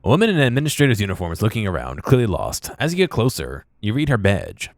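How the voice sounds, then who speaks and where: Low, lively man reading game text. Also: quick pace, no room sound, studio quality. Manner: casual, muttering asides. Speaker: let's play host. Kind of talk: let's play, reading game text aloud.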